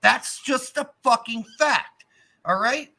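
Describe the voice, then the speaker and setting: A man's voice: very high voice, takes it slowly, creaky, pushed and bright. A man co-hosting a casual sports podcast, ranting with lots of profanity. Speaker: podcast co-host.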